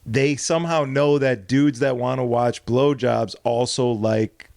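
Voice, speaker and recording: A young man as a podcast guest in crude, casual banter, rambling and animated with many fillers. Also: medium pitch, measured pace, creaky, no echo, studio quality.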